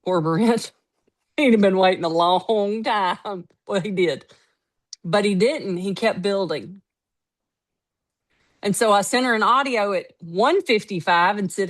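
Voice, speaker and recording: A woman with a medium-pitched voice talks a little slowly, leaving long pauses. Leading a network marketing team, she offers a casual motivational talk, full of lively, emphatic stories where she acts out others' words.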